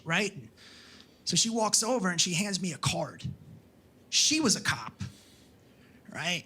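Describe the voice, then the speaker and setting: Brash, high-voiced male stand-up comic. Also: animated, moderate pace, pauses often, pushed and bright, husky. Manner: brash and profane, tags lines with "right?". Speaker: stand-up comedian. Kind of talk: stand-up comedy.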